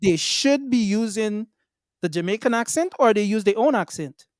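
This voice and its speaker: A man's voice: high-pitched, lively intonation, normal speed, dry recording, clean studio sound. A man interviewing a guest, rephrasing his questions to get at the point.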